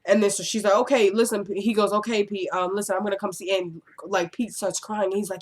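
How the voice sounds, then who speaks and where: A woman with a steady, medium-pitched tone goes over a TV episode casually. Her chat mixes quick quoted performances of the characters' lines with exasperated asides.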